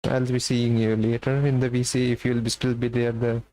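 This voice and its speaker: A man's voice: medium pitch, monotone, brisk, warm tone, slight background noise, rough recording. A man streaming live, chatting casually and playfully with his viewers. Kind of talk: casual livestream chat.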